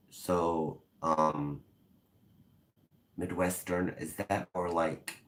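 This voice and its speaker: A man's voice: rumbling low, a little slow. A man chatting live with his viewers, rambling from topic to topic and answering their comments as he goes. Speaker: vlogger.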